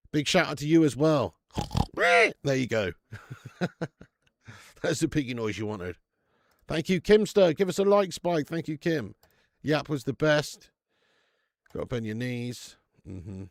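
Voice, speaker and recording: A man's voice: fairly high pitch, big pitch swings, measured pace, gravelly, no echo, clean studio sound. A man hosting a fan football watch-along stream, chatting casually, rambling and swearing freely while reading out viewer comments.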